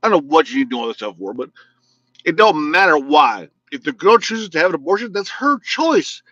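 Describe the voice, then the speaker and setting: A man's voice: on the high side, sing-song, fairly quick, a bit bright, no room sound, highs cut off. A man from Illinois hosting his own video show, talking in a blunt, joking, ranting way, with slightly slurred, mumbly speech. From United States, Illinois. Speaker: vlog host. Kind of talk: casual political rant to camera.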